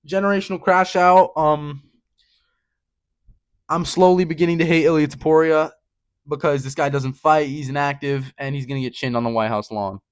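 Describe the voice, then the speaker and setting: A young man rants heatedly on his own channel, swearing and leaning on "bro" again and again. His voice sits a little high. The sound is dry and close. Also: fairly even intonation, normal speed, clean tone, dry recording. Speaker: channel host. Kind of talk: casual fight-prediction rant.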